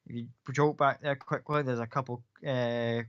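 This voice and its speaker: A man's voice: mid-range voice, fairly even intonation, normal speed, clear, resonant tone, no echo. A man running a tabletop game as game master, narrating casually with fillers and the odd swear word. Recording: dull lo-fi, dry.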